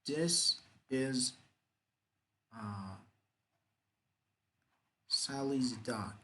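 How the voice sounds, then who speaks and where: A man's voice: mid-range voice, extremely slow, sharp tone, poor audio. A man teaching English grammar, repeating example sentences with exaggerated rising and falling intonation. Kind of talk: grammar lesson.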